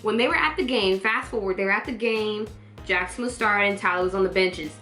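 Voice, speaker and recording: A woman vlogger in casual chatty review mode, animated and putting on playful voices to act out quotes. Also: medium pitch, fairly quick, roomy sound, soft background music.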